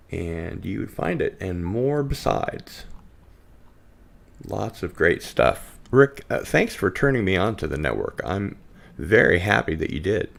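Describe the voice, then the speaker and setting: Low and creaky, the man's voice carries a relaxed, casual podcast he's hosting. He reads viewer comments out loud, hesitating often with many ums.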